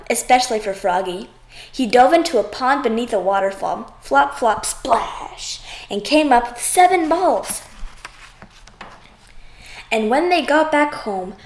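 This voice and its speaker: A woman reading a children's picture book aloud, expressive and sing-song. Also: on the high side, echoey room. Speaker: audiobook reader. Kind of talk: children's story read aloud.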